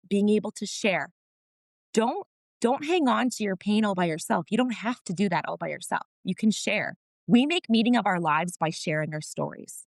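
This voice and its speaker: This dry, clean studio recording features a woman with a mid-range voice. As a wellness practitioner guesting on a podcast, she chats casually with the interviewer, telling family stories with feeling and candor and occasionally letting a mild curse slip.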